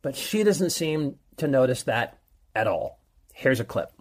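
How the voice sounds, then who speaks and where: A man's voice: mid-range voice, big pitch swings, measured pace. A man co-hosting a movie-advice podcast, chatty and rambling as he sums up a film. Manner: chatty, rambling, with fillers and laughs. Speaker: co-host.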